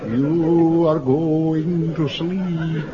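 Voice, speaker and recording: An actor playing a dour, theatrical old soldier, speaking slowly and mysteriously. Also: male voice, a little high, fairly even intonation, a loud crowd. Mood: dramatic. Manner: slow, dramatic, mysterious. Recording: dull lo-fi radio recording with faint hum.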